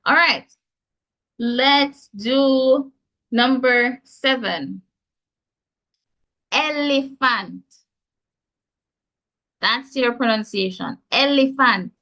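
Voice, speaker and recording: Bright-voiced Jamaican woman teaching slowly. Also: a little high. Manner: encouraging, slow careful spelling-out of sounds. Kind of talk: online class teaching pronunciation. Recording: dull lo-fi call audio.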